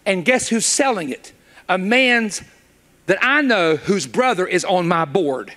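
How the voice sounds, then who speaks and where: A middle-aged man preaching a sermon, telling a story, acting out the dialogue and building up to shouts. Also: sits high, lively intonation, a little slow.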